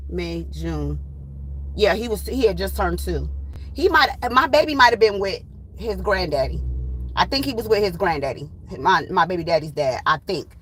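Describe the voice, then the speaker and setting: A woman's voice: medium pitch, a bit bright, rough recording. Blunt, profane woman telling a story. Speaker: tarot channel host. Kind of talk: casual storytime.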